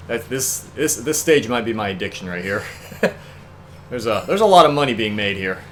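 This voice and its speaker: A man's voice: on the low side, expressive, moderate pace, fairly bright tone, slight background noise. A young man co-hosting a let's play, chatting casually and wryly, often exasperated and laughing. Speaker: co-host. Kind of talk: casual gameplay chat.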